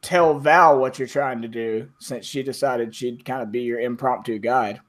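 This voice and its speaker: A man's voice: mid-range voice, steady tone, moderate pace, fairly bright tone. A man narrating a tabletop game as game master, rambling with many fillers and restarts.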